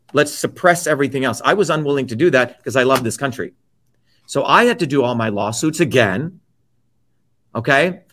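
A man as an interview guest, telling his story in a blunt, emphatic way, often checking in with "okay?" and swearing freely. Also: on the high side. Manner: forceful, checks in with repeated "okay?".

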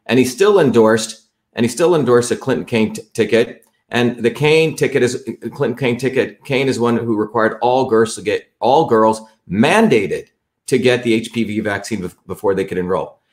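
A man hosting a livestream, walking viewers through a website in an emphatic, repetitive way and checking in with the audience often. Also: medium pitch. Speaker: livestream host.

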